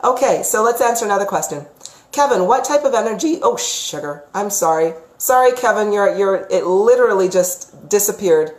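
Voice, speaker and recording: A woman's voice: mid-range voice, lively intonation, normal speed. A woman giving psychic readings on a live stream, chatty and emphatic, sometimes ranting. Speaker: psychic reader. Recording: echoey room.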